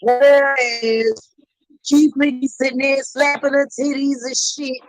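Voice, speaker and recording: A woman's voice: high-pitched, little pitch movement, slow, no echo, faint music behind, rough recording. A woman telling a story in blunt, emphatic, heavily profane casual talk. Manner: blunt, emphatic, heavy cursing.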